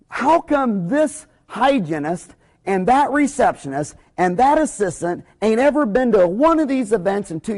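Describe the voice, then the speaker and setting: Animated, folksy man. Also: high voice. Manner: animated, folksy, swings into loud excited bursts. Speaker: dentist giving a business talk. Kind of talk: impassioned rambling monologue.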